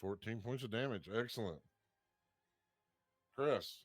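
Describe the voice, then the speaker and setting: A man's voice: lowish voice, animated, measured pace, no room sound, clean studio sound. A man acting as game master in an online tabletop game, joking and making easygoing rulings.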